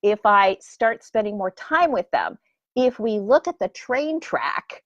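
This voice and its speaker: A woman who teaches flirting and dating, talking casually in an animated, expressive way. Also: medium pitch, slow pace, dry recording, lo-fi sound. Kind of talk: casual talk.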